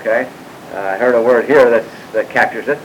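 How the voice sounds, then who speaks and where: A man leads a scripture class at a steady, middling pitch. He works through the text while asking his students questions, often stopping on fillers and side remarks. A faint low rumble and hiss sits behind the recording. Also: a little fast, rough recording. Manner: questioning students, frequent "uh" and "by the way" asides. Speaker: Bible teacher. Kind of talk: classroom Bible lecture.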